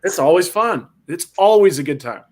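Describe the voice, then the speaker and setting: A young man hosting a podcast, telling a story with lots of acted-out quotes and big jumps in pitch. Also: lively intonation, moderate pace, a crowd in the background. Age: young adult. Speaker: podcast host. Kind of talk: animated storytelling.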